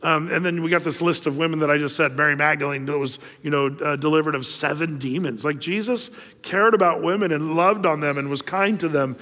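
A man's voice: a little high, brisk, sharp tone. A male pastor preaching a sermon in a conversational, storytelling way, with lots of fillers and restarts, in a church hall. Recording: long hall reverb.

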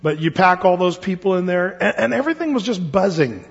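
High-voiced man teaching in an echoing hall. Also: lively intonation, fairly quick, gravelly. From Oregon. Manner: casual, rambling, with many fillers and restarts. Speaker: pastor. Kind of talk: Bible study teaching. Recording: dull lo-fi sound with long hall reverb.

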